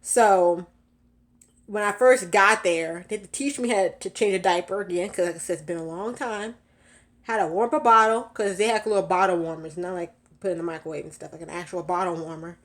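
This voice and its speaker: A woman's voice: lowish voice, fairly quick. A young woman vlogging from her car, chatting casually, a little out of breath, with lots of fillers and laughs. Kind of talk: casual storytelling vlog.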